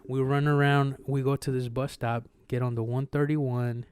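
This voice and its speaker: A young adult man telling a story in a casual chat, animated and slangy with lots of swearing, often acting out sounds and voices. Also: mid-range voice, moderate pace, smooth.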